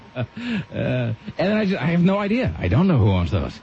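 Radio host guy rambling thru a story, pitch all over the place, lo-fi sound. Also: fast, a little hiss or hum. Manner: rambling, animated storytelling with asides. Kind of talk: casual on-air banter.

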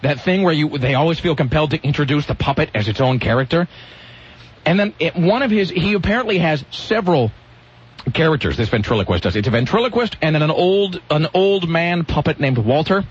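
A man's voice: a little high, animated, fairly quick, breathy edge. A man hosting a radio show, telling a rambling story in casual on-air banter and often cutting himself off. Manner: rambling, self-interrupting storytelling. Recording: lo-fi radio broadcast sound.

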